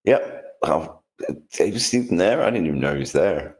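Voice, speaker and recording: A man's voice: low voice, lively intonation, moderate pace, a little mellow, rough recording. A man co-hosting a casual chat, dry and disdainful, given to rambling. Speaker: co-host.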